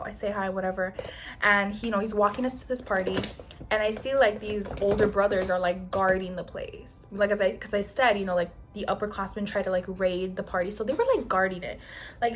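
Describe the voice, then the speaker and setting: A young woman chatting casually while doing her makeup, telling a long story in an animated, slangy way, swearing often and acting out other people's lines. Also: mid-range voice. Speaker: beauty vlogger. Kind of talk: get-ready-with-me storytime.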